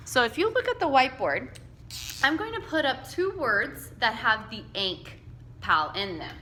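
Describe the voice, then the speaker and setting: A woman teaching a phonics lesson to young children, slowly and patiently sounding out letters and word chunks for them to repeat. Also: high-pitched, sing-song, bright, forceful tone, echoey room, slight background noise. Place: classroom with whiteboard.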